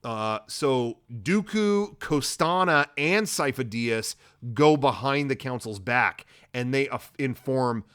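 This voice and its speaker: A man's voice: medium pitch, lively intonation, slow pace, few pauses, fairly bright tone, clean tone. Rambling, profane man retelling a story. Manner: rambling, profane, slangy retelling with quoted voices. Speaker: podcast host. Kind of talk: casual comedic recap.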